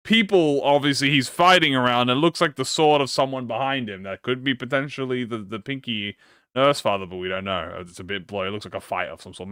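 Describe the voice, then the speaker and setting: A man hosting a casual gaming reaction, excitable and slangy, swearing and laughing often. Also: mid-range voice, clean tone, dry recording, studio quality. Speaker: gaming channel host.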